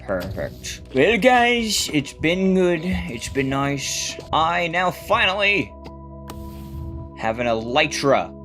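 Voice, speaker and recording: A man giving playful gameplay commentary and narration as a gaming YouTuber, excitable and jokey, laughing often. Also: a little high, slow, faint music behind.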